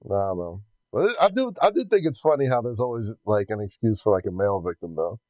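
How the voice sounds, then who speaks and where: A man's voice: on the low side, big pitch swings, quick pace, darkish tone, dry recording. A man hosting a podcast in casual chat, easygoing and slangy with a joking manner. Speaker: podcast host.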